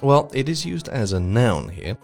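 A man co-hosting an English lesson, relaxed and amused, explaining the meanings of words plainly. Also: medium pitch, normal speed, vocal fry. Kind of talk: casual chat lesson. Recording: soft music behind.

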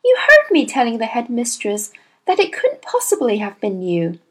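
Gentle kindly teacher, as a woman reader voices her. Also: a little high, normal speed, breathy edge, heavily acted. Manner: gentle, calm and patient. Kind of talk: storybook reading.

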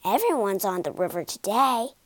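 A woman reading aloud, voicing a male otter in a storybook who talks in a rushed, gasping way. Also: medium pitch, sing-song, dry recording. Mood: hurried. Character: hurried breathless male otter.

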